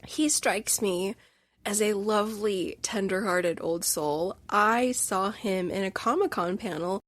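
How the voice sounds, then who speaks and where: A woman's voice: mid-range voice, takes it slowly, a bit bright, dry recording. A woman hosting a solo podcast, talking through a film review in an emotional, gushing and candid way. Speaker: instructor.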